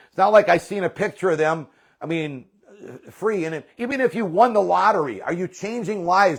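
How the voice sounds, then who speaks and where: A man leading a network marketing team, giving a fired-up, rambling motivational talk that repeats itself. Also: fairly high pitch.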